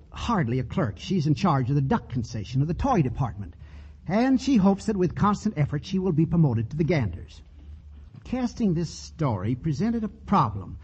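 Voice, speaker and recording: A man hosting a 1940s radio comedy theater in a genial, chatty showman manner, with a husky voice on a dull old broadcast recording. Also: a little high, darkish tone. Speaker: host.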